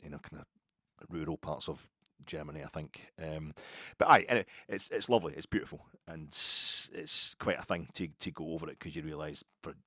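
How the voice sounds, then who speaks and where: Brief: middle-aged Glasgow man, low voice, dry close sound, rambling jokey football chat. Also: moderate pace, sharp tone, dry recording. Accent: Glaswegian Scottish. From Scotland. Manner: rambling, jokey, many asides and restarts. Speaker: football podcast host. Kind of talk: casual storytelling chat.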